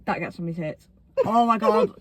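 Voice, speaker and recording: A woman's voice: medium pitch, normal speed, dry recording. A young woman, chatting casually in a parked car, swearing freely and acting out quotes. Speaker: podcast co-host. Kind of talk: casual chat.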